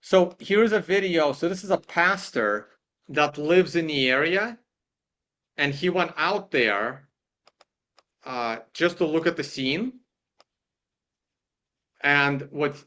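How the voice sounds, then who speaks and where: A man's voice: fairly high pitch, expressive, slow, pauses often, sharp tone. A man hosting, casually talking through videos on his screen, rambling with many restarts. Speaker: host. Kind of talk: casual screen-share commentary.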